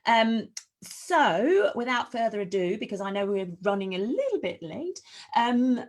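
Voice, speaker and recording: A woman's voice: a little high, big pitch swings, a little slow. A chatty, apologetic woman hosting an online summit interview over a video call from her home in New Zealand. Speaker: summit host.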